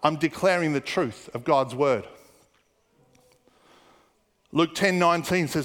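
A man preaching a sermon as a pastor, telling stories and dropping into hushed, muttered asides when he quotes people. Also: a little high, takes it slowly, pauses often, long reverb tail.

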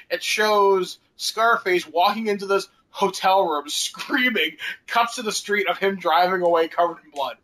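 A man's voice: high-pitched, fairly bright tone, slight background noise, rough recording. A man hosting a casual podcast chat, rambling, laughing often and swearing casually.

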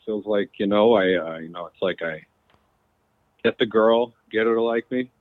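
Man calling in, fumbling with fillers, sheepish, a bit low, thin phone-line sound. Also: normal speed, no room sound. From near Boston, Massachusetts. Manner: hesitant, full of fillers, sheepish humor. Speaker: caller. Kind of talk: call-in on a radio show.

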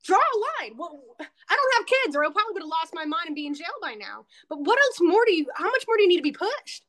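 A woman's voice: very high-pitched, very animated, fast talker, fairly bright tone. A woman guest on a talk show, a political candidate speaking bluntly and heatedly, swearing freely. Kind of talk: casual interview.

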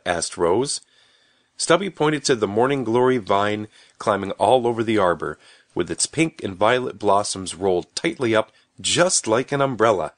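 A man reads a children's story aloud with a lively, expressive voice of middle pitch. His delivery rises and falls a lot. The sound is dry and close. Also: moderate pace, no room sound. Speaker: narrator. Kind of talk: storybook reading.

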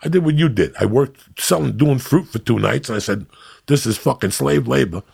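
A middle-aged man from New Jersey hosting a podcast, telling stories in a profane, animated, ranting way. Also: medium pitch, moderate pace, creaky, breathy edge. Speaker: podcast host. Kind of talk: casual podcast banter.

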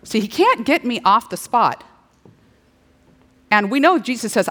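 A middle-aged woman preaching a sermon, playful and animated, slipping into little acted-out dialogues. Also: on the high side, unhurried. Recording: long hall reverb.

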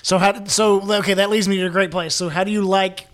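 A man hosts a podcast interview in a fairly high voice. He mostly gives brief affirmations and light laughs, now and then asking a short question. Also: steady tone, quick pace, a bit bright. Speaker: podcast host.

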